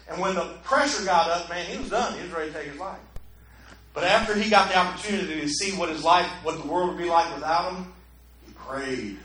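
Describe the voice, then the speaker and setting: High, bright-voiced male preacher. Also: brisk, very echoey, rough recording. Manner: dramatic storytelling, swinging from hushed to loud. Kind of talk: sermon.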